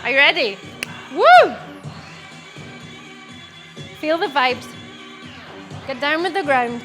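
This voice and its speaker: High-voiced woman teaching a dance class. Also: moderate pace, music in the background, crowd noise. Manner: encouraging, counts beats aloud while demonstrating. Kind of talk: online dance class instruction.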